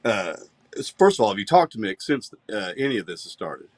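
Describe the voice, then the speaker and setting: Brief: male podcast host, lowish voice, dry close mic, easygoing interviewer. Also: fairly quick, no echo. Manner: relaxed, probing questions. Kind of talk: casual interview chat.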